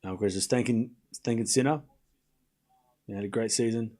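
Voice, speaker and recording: A livestream watchalong host talks loosely with his chat, wandering off track, using lots of fillers and starting sentences over. His voice sits on the low side, a little mellow, at a normal speed.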